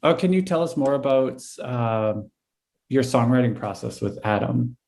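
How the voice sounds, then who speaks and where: A man's voice: mid-range voice, animated, moderate pace, gravelly, darkish tone. Hesitant male interviewer. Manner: hesitant, fills with um and uh. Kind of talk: livestream interview questions.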